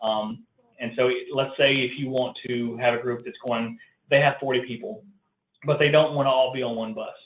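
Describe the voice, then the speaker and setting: A man with a Southern American accent talks through a webinar answer at a middling pitch. He explains patiently, with ums and small restarts, and his voice rings in a roomy, echoey space. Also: fairly even intonation, moderate pace. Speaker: tourism marketing presenter.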